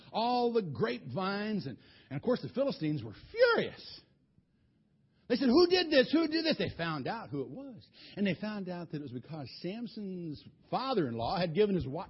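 Casting: a husky, folksy preacher telling a Bible story, dull lo-fi recording. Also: male voice, high voice. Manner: folksy, colloquial, lots of restarts. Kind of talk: animated Bible storytelling sermon.

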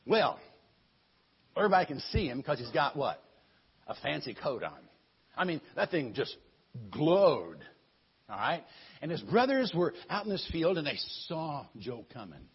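A man's voice: a little high, big pitch swings, moderate pace, pauses often, husky. A man casually retelling a Bible story in a folksy way, stumbling over his words and adding joking asides. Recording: muffled lo-fi recording.

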